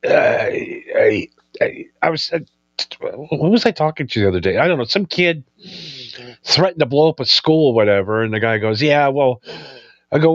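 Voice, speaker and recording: A man's voice: medium pitch, lively intonation, moderate pace, dry recording, lo-fi sound. A man co-hosting a casual chat, joking crudely and drifting into tangents. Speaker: podcast co-host.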